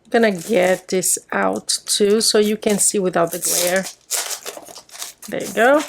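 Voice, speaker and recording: Woman, crafting host, slow relaxed pace, casual unboxing chat, enthusiastic. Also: mid-range voice, gravelly, noisy background. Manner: enthusiastic, gushing over crafting supplies.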